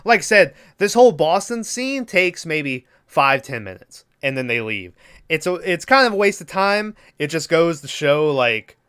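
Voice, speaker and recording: A man is recapping a horror movie on a podcast in a loose, profane way. He acts out the characters' lines as he goes. His voice is bright and crisp, with a clean, resonant tone. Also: fairly high pitch. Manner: rambling, swears freely, acts out characters' lines. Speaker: podcast co-host. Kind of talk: casual movie recap chat.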